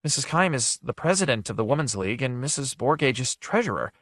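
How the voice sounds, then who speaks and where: A man's voice: medium pitch, sing-song, fast talker, fairly bright tone, no echo, studio quality, pitched above the performer's own voice. A man reading an audiobook, voicing a refined wealthy woman who talks in an anxious, fluttery way.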